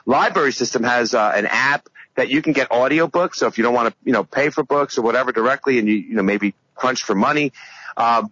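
Emphatic male radio guest, bright voice. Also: mid-range voice, a little fast, no echo. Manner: emphatic, many fillers and restarts. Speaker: regular radio guest and teacher. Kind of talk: casual radio commentary. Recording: dull, dry lo-fi remote line.

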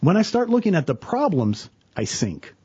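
A middle-aged man, a church worker talking about faith in an earnest, animated way, acting out the people in his stories. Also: a little high, normal speed, husky, dull audio. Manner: earnest, animated storyteller, quotes people in voices. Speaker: church worker, guest on a talk show. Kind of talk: casual faith talk.

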